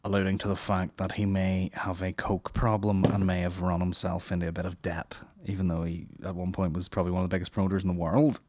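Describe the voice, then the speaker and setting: A man's voice: sits low, little pitch movement, fast talker, hardly any pauses, darkish tone, no echo. Guy rambling on his comedy podcast, swears a lot, dry close sound. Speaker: podcast host. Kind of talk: casual comedy podcast banter.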